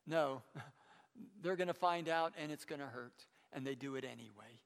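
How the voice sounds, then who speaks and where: A man preaching a sermon, retelling a Bible story in a conversational way, with stammered restarts and animated quoting. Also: fairly high pitch, normal speed, long reverb tail.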